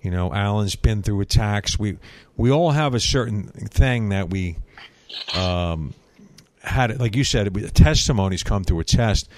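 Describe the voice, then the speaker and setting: A man's voice: lowish voice, measured pace. A male radio show host responding to a guest in casual chat, affirming what he hears with religious interjections.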